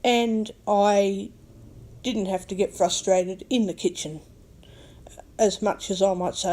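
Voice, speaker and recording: A woman's voice: medium pitch, fairly even intonation, takes it slowly, long pauses, a little mellow. A woman vlogger in a casual, rambling monologue, talking bluntly with a lot of swearing and repeating herself.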